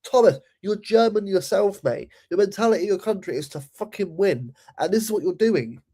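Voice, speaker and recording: Sweary young bloke ranting. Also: male voice, high-pitched, expressive, a little fast, mellow. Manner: heated, sweary, repeats words. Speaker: football channel host. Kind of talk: angry football rant.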